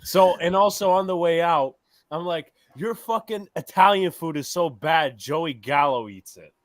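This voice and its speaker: A man co-hosting a casual sports podcast, telling stories in a profane, animated way. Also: on the high side, measured pace, no echo. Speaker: podcast host.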